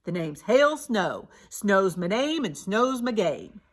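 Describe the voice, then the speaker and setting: A woman voicing a blustery, grumbling man who owns a ski resort in a storybook, high and exclaiming. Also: very animated, slow.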